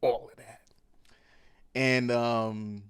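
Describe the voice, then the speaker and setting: Dude breaking down a movie, super casual and slangy, lots of likes and you knows, dry close sound. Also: male voice, medium pitch, drawn-out words, clean tone, no echo. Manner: animated, slangy, full of fillers. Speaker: movie recap host.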